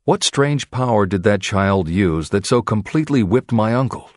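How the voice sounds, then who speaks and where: A man's voice: fairly low pitch, expressive, moderate pace, no echo, clean studio sound, lightly acted. A man doing a puzzled, wondering old storyteller. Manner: wondering, questioning.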